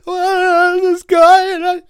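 A small, heartbroken cell wails in a high, tearful voice. It stammers and sobs through its words. The sound is dry and close. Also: male voice, monotone, takes it slowly, no room sound. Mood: sobbing. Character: crushed, sobbing little male cell.

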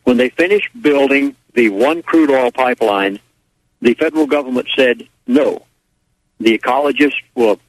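A man guesting on a radio talk show tells a folksy, rambling story casually, acting out what other people said. His voice is medium-pitched, with no echo and low recording quality.

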